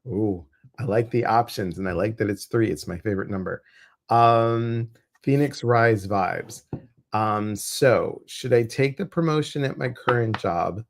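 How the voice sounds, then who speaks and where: A man's voice: mid-range voice, a little slow. A man co-hosting a casual livestream, reading viewers' questions and oracle cards, chatty and joking.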